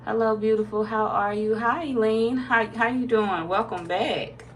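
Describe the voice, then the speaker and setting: A woman's voice: on the high side, unhurried, a little hiss or hum. Laid-back woman chatting on a livestream. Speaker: tarot reader. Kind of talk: casual livestream chat reading viewer comments.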